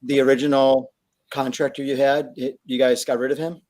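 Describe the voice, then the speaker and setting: A man's voice: mid-range voice, little pitch movement, normal speed, darkish tone. A man in casual chat, asking questions and teasing a little.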